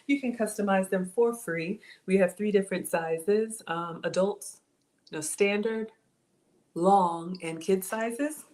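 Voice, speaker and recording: A woman's voice: mid-range voice, slow, darkish tone. A woman hosting a home cooking livestream from her kitchen, chatting casually, reading out viewer comments and thanking people by name, often saying y'all. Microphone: camera.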